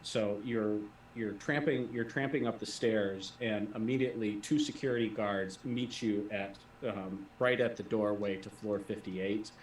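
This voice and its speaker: A man's voice: lowish voice, fairly even intonation, a little slow, hardly any pauses, a little hiss or hum. A man acting as game master, describing the scene and calling for dice rolls in a tabletop role-playing game. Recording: echoey room, voice from a distant mic.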